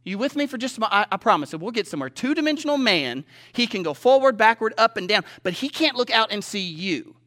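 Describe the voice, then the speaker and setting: Pastor, male, high bright voice, chatty sermon on stage, keeps checking in with the crowd. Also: big pitch swings, fast, few pauses. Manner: conversational, asks the audience questions often. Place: stage before a live audience.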